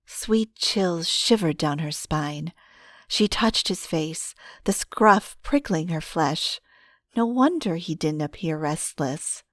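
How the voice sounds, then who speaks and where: Low-voiced woman narrating an audiobook. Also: expressive, measured pace, no echo, studio quality.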